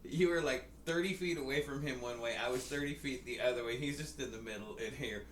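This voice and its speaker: A man's voice: medium pitch, fast, fairly bright tone. A man co-hosting a podcast, bantering and teasing in casual chat. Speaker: podcast co-host. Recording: echoey room, faint noise.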